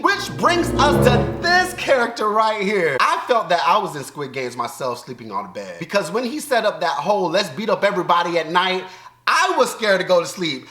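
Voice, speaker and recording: A man with a Southern US accent giving animated, joking commentary as a YouTube reaction host, breaking into loud outbursts and laughter. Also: sits high, normal speed, reverberant, soft background music. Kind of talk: casual commentary.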